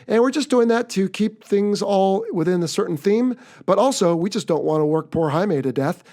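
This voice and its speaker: A man with an American accent hosting a podcast in a relaxed, chatty, upbeat way. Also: high-pitched, normal speed. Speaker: podcast host. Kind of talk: casual podcast chat.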